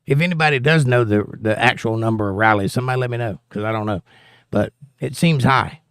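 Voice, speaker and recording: A man's voice: medium pitch, fast talker, a bit bright, smooth, no room sound, studio quality. A man with a Southern accent hosting a casual political livestream, reading viewer comments aloud with wry, joking asides. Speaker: livestream host.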